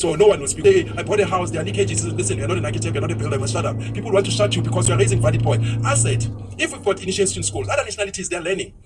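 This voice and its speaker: A man's voice: sits high, very fast, hardly any pauses, far from the mic, background noise. A South African man ranting bluntly in opinionated podcast talk, switching into isiZulu phrases.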